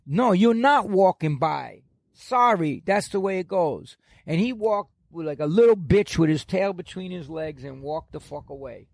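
A man's voice: high voice, expressive, moderate pace, gravelly, a little mellow, no echo, studio quality. A man, telling stories as a guest in an aggressive, profane, boastful way. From New York. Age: 60s. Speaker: podcast guest. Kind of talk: profane storytelling in an interview.

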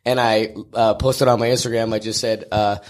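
A man's voice: on the low side, level tone, normal speed. A man, a guest and event host, chatting casually on a podcast in a hotel room and telling jokey stories while acting out what others said. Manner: joking storyteller who acts out quoted voices.

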